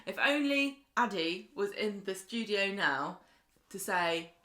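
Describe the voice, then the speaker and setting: A woman's voice: mid-range voice, animated, slow, pushed and bright. A woman co-hosting a podcast in casual chat, teasing and opinionated. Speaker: podcast co-host.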